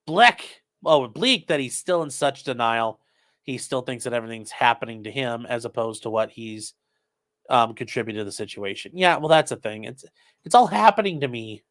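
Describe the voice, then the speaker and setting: Reading viewers' messages aloud during a laid-back commentary stream, the male host fires back sarcastic answers. He speaks at medium pitch with a fairly bright tone.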